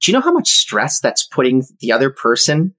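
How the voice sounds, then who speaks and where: Man explaining calmly as a podcast guest. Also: medium pitch. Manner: explanatory, measured. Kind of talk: casual interview chat.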